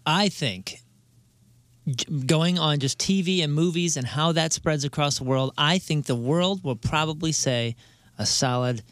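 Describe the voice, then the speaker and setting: A man co-hosting a radio show, joking and quick to chime in. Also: on the high side, fairly bright tone, dry recording, studio quality. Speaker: radio co-host. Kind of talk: casual radio banter.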